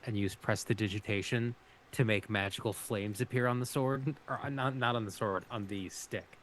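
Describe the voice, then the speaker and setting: Male player, low and matter-of-fact, describing his character's actions. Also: steady tone, moderate pace, slight background noise. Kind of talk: playing a tabletop game.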